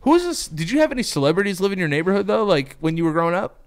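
A man talks loosely on a podcast, cursing freely and telling quick stories. His voice sits a bit high and swings widely in pitch. It sounds like a relaxed studio chat between friends. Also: clean tone. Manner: animated, profane, quick storytelling. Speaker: podcast co-host. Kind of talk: casual chat.

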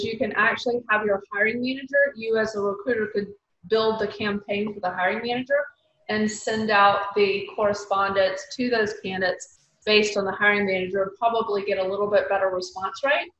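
A woman's voice: medium pitch, fairly bright tone. A woman with a Southern accent on a video call, casually explaining things to a panel in a chatty way with many fillers. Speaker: recruiter on a panel. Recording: muffled echoey video call audio.

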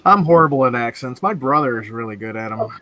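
A man's voice: mid-range voice, lively intonation, fast, sharp tone, rough recording. A man joking casually with friends on a video call. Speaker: livestream guest. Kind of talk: casual chat.

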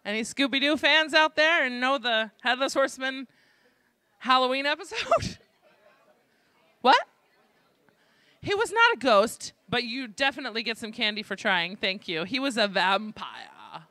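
The host has a New York accent and a mid-range, animated voice with a sharp tone, speaking unhurriedly with long pauses, and there's no room sound. Indoors at a library student event, he runs a live trivia game show, tossing jokey, playful asides to the audience.

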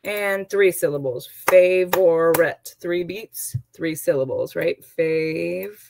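A woman's voice: lowish voice, a little slow, vocal fry, noisy background. A woman teacher giving an online lesson, chatty and explaining with examples and asides.

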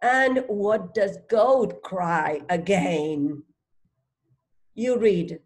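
A woman teaching a child to read, sounding out letters one by one and gently encouraging with prompts and questions. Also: medium pitch, very slow. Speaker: reading teacher. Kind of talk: phonics read-along lesson for a child.

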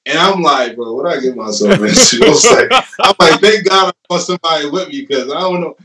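A man's voice: on the high side, moderate pace, background noise. A young man in his twenties, a guest casually telling a story and often acting out what he said and what others said. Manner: animated, laughing retelling with lots of "I'm like". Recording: roomy and a bit distant from the mic.

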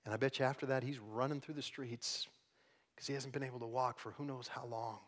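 A man preaching a sermon as pastor, dropping to soft, hushed lines and then building to loud, emphatic passages. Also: medium pitch, fairly even intonation, moderate pace. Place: church sanctuary.

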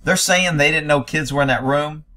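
A man's voice: fairly high pitch, moderate pace, heavy background noise. Blunt, sarcastic man ranting. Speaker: commentator reacting to news footage. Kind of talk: angry reaction commentary.

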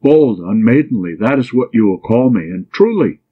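Man doing a pert young woman, teasing and mischievous, raised husky voice, dull lo-fi sound. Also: mid-range voice, animated, moderate pace. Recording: dull lo-fi recording.

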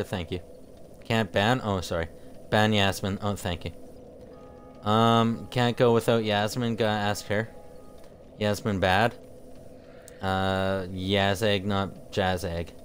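A man's voice: on the low side, fairly bright tone, a little hiss or hum. A man streaming a video game, chatting casually with viewers and often tripping over his words. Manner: rambling, jokey, trips over his words. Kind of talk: casual chat with live viewers while gaming.

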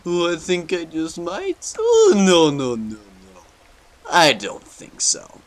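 A man giving jokey let's-play commentary on a horror game, talking back to the game and swinging between loud bravado and muttering. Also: fairly high pitch, wildly swooping pitch, slow. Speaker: gaming video host.

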